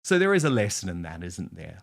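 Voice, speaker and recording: Emphatic male commentary host, lively pitch. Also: brisk, gravelly. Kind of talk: opinionated commentary.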